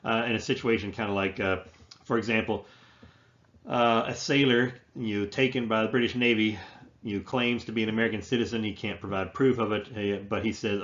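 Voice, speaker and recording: A man teaching a history lecture, talking in halting phrases full of fillers and restarts. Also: on the low side, steady tone, a bit bright, muffled recording. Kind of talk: classroom lecture.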